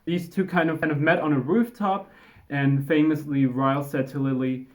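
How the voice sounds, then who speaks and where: A woman's voice: sits low, fairly even intonation, normal speed, darkish tone. A young woman in casual chat, sarcastically reviewing a book and reading quotes aloud with mock drama.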